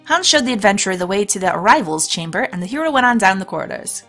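A woman's voice: mid-range voice, animated, fast talker, fairly bright tone, soft background music. A woman hosting a let's play, reading a storybook game aloud with chatty, laughing asides. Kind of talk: let's play narration and commentary.

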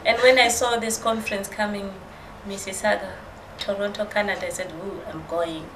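A woman's voice: medium pitch, steady tone, a little fast. A woman guest earnestly telling her story in casual conversation. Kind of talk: casual chat. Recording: roomy with background noise.

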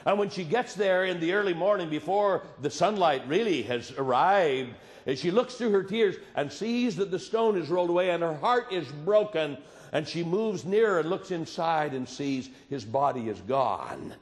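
Male preacher, fairly high voice, dramatic storyteller, long hall reverb. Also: expressive, normal speed. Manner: dramatic storytelling, swinging from loud emphasis to hushed quiet. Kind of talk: sermon.

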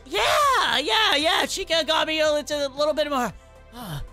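A woman's voice: sits high, a little fast, music in the background, natural voice. A woman voicing a jumpy male animatronic fox boyfriend in casual online role-play, stammering and nervously bluffing. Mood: flustered.

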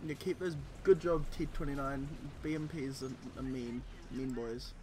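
A man's voice: medium pitch, background noise. A man streaming a game, chatting casually to his teammates on screen, swearing freely and laughing easily. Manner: cheerful, quick to laugh. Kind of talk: casual gameplay commentary.

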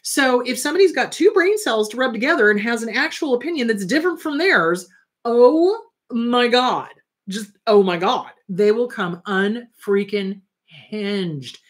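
A woman's voice: a little high, lively intonation, unhurried. A middle-aged woman therapist hosting her own advice show, talking bluntly and emphatically to viewers and often acting out what others say. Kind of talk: direct-to-camera advice talk.

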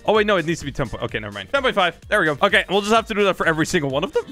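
A young man giving excitable gameplay commentary as a gaming YouTuber, laughing often and breaking into exclamations. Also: high voice, rapid-fire. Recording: music playing faintly behind.

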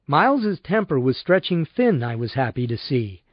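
A man's voice: mid-range voice, very animated, moderate pace, slightly rough, no room sound. A man narrating an audiobook in the first person with a wry, sardonic tone, on a dull lo-fi recording.

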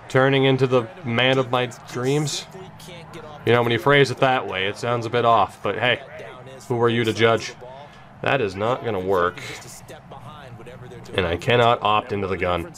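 A young man talks through a football video game at an unhurried, drawn-out pace, in a middle-pitched voice. He is emotional and swears often, muttering tensely through the plays and jumping to high yells when they go wrong. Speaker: gaming YouTuber. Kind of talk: gameplay commentary.

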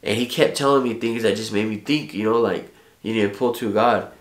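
A man's voice: on the low side, fairly quick. A man telling a personal story in casual, heartfelt street slang, with frequent profanity. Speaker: vlogger. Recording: echoey room.

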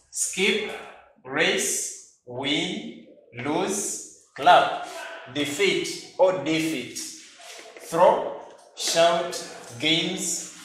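A male primary school English teacher with a Ugandan English accent, reading vocabulary aloud slowly and deliberately, repeating words and correcting himself. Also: medium pitch, a little hiss or hum. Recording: very echoey room.

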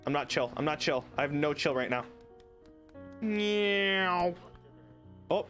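Young male streamer, excitable and jokey, lively up-and-down pitch, faint music bed. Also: takes it slowly. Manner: excitable, jokey, talks to chat. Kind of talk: casual gameplay commentary.

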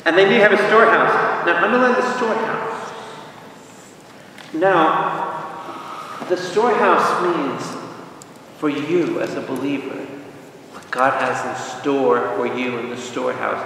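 A man, a priest, leading an informal Bible study, lively and joking, asking the group questions. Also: on the high side, unhurried, a little hiss or hum. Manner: jokey, lively teaching with asides and questions to the group. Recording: echoey hall, voice from far off.

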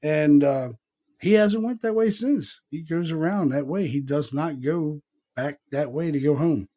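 A man's voice: fairly high pitch, measured pace, warm tone. A middle-aged man hosting a podcast, telling a story in a rambling, casual way, swearing freely and calling his listener "man" and "dude.". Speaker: podcast host.

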